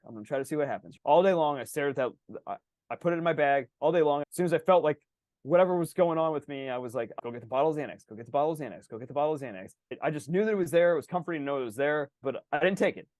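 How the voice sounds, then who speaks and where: A man in his thirties hosting a podcast, telling a personal story in casual, animated chat, swearing and acting out the dialogue. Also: mid-range voice, no echo, clean studio sound. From Indianapolis. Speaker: podcast host.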